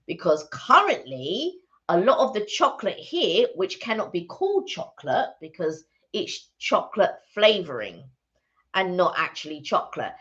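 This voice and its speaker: Woman chatting on a livestream from home, bright voice going up and down, lo-fi audio. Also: on the low side, sing-song, moderate pace. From England. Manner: conversational, gently opinionated asides. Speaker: co-host of a live stream. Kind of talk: casual live-stream chat. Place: at home, indoors.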